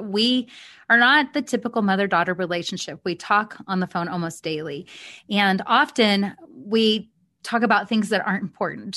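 A woman's voice: mid-range voice, fairly bright tone, no echo, clean studio sound. A woman co-hosting a faith podcast, telling a personal story in an earnest, heartfelt way with small restarts, on a podcast mic. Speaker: podcast co-host.

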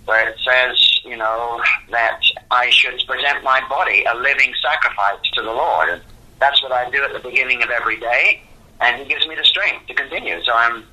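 A man's voice: medium pitch, moderate pace, bright, forceful tone, poor audio. An older man, the founder of a religious museum ministry, answering interview questions in an earnest, devout and rambling way.

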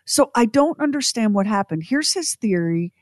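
Animated middle-aged woman radio co-host. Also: fairly high pitch, moderate pace, no echo, clean studio sound. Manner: animated, acts out quotes in exaggerated voices, self-mocking. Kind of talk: casual storytelling on morning radio.

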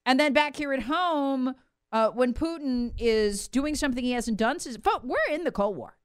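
A woman's voice: high voice, moderate pace, clean tone, dry recording, studio quality. A woman delivering an emphatic, sarcastic political commentary monologue as host. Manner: emphatic, sarcastic, acts out quoted voices.

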